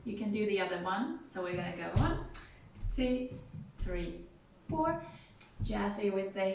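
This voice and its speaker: A woman instructor leading a gentle seated music and movement class, counting beats and chanting rhythm syllables. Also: mid-range voice, unhurried, pauses often, recorded from a distance, very noisy. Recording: very echoey room, voice from off-mic, faint music.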